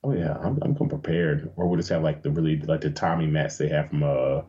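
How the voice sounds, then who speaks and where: A man with a very low, deep voice chats loosely as an interview guest, spinning animated stories full of swearing and laughter. The recording sounds dull and lo-fi. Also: brisk. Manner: animated, profane storytelling with frequent laughs. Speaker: interview guest, adult film performer. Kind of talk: casual chat.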